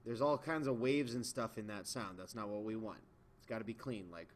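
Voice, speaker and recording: A man's voice: fairly low pitch, brisk, slight background noise. A man teaching beginners in a video lesson, patient and demonstrating as he explains. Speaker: music teacher. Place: indoors, in front of a camera.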